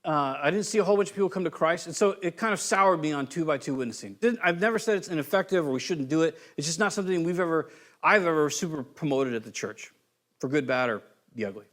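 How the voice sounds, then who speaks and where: A man's voice: a little high, quick pace. A man from California preaching a sermon as pastor, telling stories in a loose, conversational way and acting out quotes. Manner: conversational, animated storytelling with voiced quotes.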